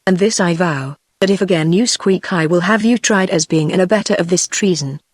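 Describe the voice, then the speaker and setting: A woman's voice: fairly low pitch, breathy edge, no echo, clean studio sound. A text-to-speech voice of a woman with a British accent, reading the lines of a cool, commanding young queen in an audiobook. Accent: British English. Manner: even, measured synthetic delivery.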